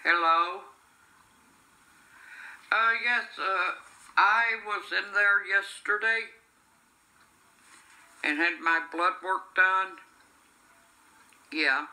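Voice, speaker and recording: A woman's voice: mid-range voice, drawn-out words, pauses often, sharp tone, reverberant, rough recording. An older woman, a grandmother, telling a story in a blunt, foul-mouthed, cantankerous way in a casual family video.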